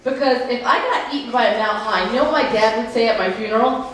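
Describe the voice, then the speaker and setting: A woman's voice: fairly high pitch, expressive, fast, hardly any pauses, fairly bright tone, a little hiss or hum. A woman, doing brash, self-mocking live stand-up comedy. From New York. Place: comedy club stage. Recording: echoey live room, mic at a distance. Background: audience laughter.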